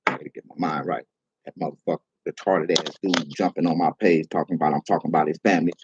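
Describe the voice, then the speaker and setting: A livestreaming comedian, a man, giving a profane, heated rant that swings from calm to shouting. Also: a bass voice, fast talker, highs cut off, background noise.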